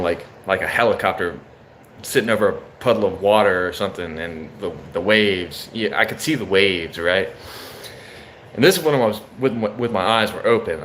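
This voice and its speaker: A man's voice: sits low, a bit bright, a little hiss or hum. A young man casually telling a story, loose and profane, saying bro often.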